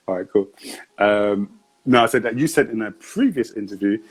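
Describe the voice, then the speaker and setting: A male host runs a casual sit-down interview in a fairly low voice with a husky edge. He is relaxed and laughs often between questions. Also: moderate pace, low-quality recording.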